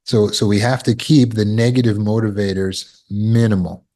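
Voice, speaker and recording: A man's voice: lowish voice, fairly even intonation, moderate pace, dark tone. A man giving a motivational talk as a self-help teacher, emphatic and repetitive, explaining with everyday examples.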